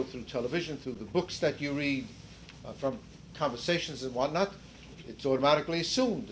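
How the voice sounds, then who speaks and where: A man's voice: on the high side, slight background noise. An older man leading a seminar discussion in a conversational lecturing way, rephrasing as he goes and putting questions to the group. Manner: conversational, restarts and rephrases mid-sentence. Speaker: seminar leader.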